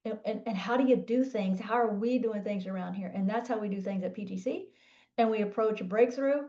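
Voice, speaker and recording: Woman coach explaining things earnestly, warm low-key tone, muffled faraway sound. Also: brisk, far from the mic. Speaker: guest coach. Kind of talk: panel discussion.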